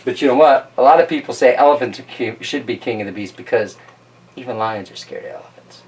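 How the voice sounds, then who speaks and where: A man's voice: medium pitch, a little fast, recorded from a distance. A man hosting a casual picture-book read-aloud, chatty and laughing often, with jokey asides to the audience. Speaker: storyteller host.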